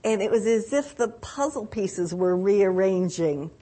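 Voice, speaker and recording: An older woman telling a personal story in a reflective, unhurried way, with restarts and lively quoted voices. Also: medium pitch. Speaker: speaker telling her own story.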